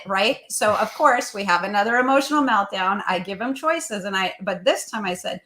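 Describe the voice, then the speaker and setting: A woman's voice: medium pitch, moderate pace, a bit bright, rough recording. A woman co-hosting a parenting talk show, telling a babysitting story in an earnest, conversational way with frequent ums. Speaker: co-host, parent.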